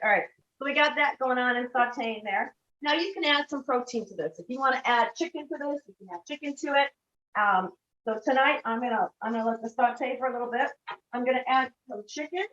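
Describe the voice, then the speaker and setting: Woman doing a kitchen cooking demo, chatty, keeps checking in, kinda high voice, dull lo-fi sound. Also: a bit bright, roomy sound. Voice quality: chatty, keeps checking in with "okay?" and "all right?". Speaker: product demonstrator. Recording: dull lo-fi sound with faint noise.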